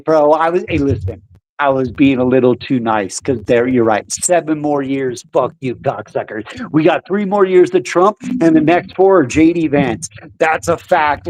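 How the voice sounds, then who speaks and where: A young American man hosting a podcast, ranting loudly about politics with a combative, profane manner. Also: fairly high pitch. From United States. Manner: loud, combative, swearing. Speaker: podcast host.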